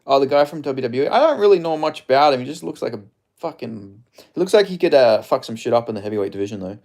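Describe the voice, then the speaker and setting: A man's voice: mid-range voice, expressive, quick pace, darkish tone. Rambling Australian man chatting on stream. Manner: rambling, loose, heavy filler words and swearing. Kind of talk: casual live-stream chat, reading viewer comments.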